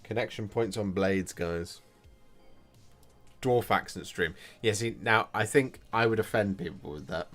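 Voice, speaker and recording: A man's voice: lowish voice, unhurried, a bit bright, faint music behind. A man chatting on a live painting stream from home, groggy after anaesthetic, joking with viewers as he works. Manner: jokey, chatty, talks to viewers while working.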